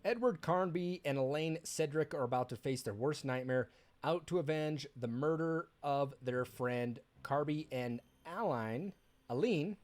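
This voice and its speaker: A man's voice: a little high, measured pace, a little mellow. A man chatting casually while streaming a game, rambling and candid, with bitter, sarcastic asides. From United States. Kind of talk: casual live-stream chat.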